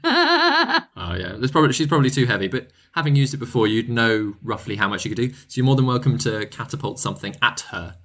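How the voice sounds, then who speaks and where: Chatty game master. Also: male voice, mid-range voice, sing-song, fairly quick, a bit bright. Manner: chatty, filler-heavy narration. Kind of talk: narrating a tabletop game.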